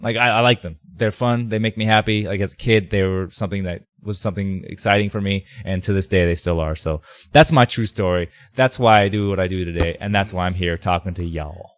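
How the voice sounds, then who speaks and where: A man on a podcast as a guest, telling a story in casual chat with lots of fillers and loud bursts. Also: low-pitched, fairly quick, dry recording, studio quality. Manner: animated, shouts heckles in quoted voices, many fillers.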